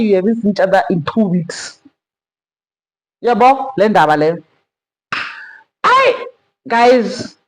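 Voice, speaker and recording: A young South African woman talks straight to her viewers, retelling a family story with lots of drama. Her voice sits a little low but swings widely in pitch as she acts out what everyone said, peppered with "like" and "guys." It's a casual sit-down vlog chat. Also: rough recording. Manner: animated, dramatic quoted voices, frequent fillers. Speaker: vlogger.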